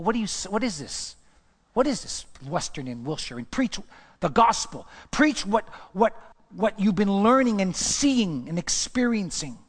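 A male pastor delivers a testimony sermon with a fairly high voice. He tells the story with animation, pushing his voice up sharply when he acts out his own words. The sound carries a long reverb, as if from a large church hall. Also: fairly bright tone.

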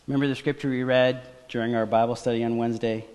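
A man preaching a sermon as pastor, acting out the story and swinging from hushed lines to loud, excited ones. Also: mid-range voice, quick pace, few pauses, long reverb tail, slight background noise. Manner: dramatic, swings from hushed to shouting. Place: church.

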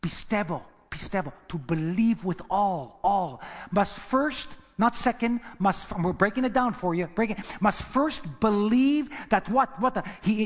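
A man preaching a sermon as pastor, emphatic, repeating words and swinging between loud and hushed lines. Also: high voice, lively intonation, unhurried, in a large hall. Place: church.

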